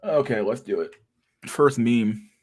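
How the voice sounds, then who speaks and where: A man's voice: medium pitch, unhurried, a little mellow, breathy edge. Casual, profane man streaming commentary. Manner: profane, loose and meandering, laughs often. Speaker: streamer reacting to memes.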